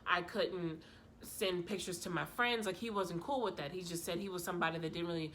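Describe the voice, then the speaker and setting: A woman vlogger telling a story in a casual, animated way, full of slang and sass. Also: on the low side, fairly quick, a little hiss or hum.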